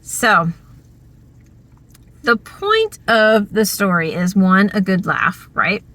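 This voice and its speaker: A woman vlogger telling a story from her school days in a chatty, animated way, full of fillers. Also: medium pitch, slow pace. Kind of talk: casual storytelling.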